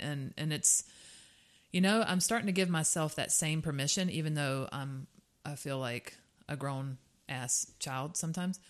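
Low-voiced woman in casual chat. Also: moderate pace. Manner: candid, laughing, swears casually. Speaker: podcast co-host.

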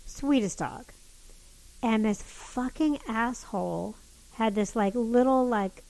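A woman telling a story in casual chat, animated and swearing, with many restarts. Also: medium pitch, poor audio.

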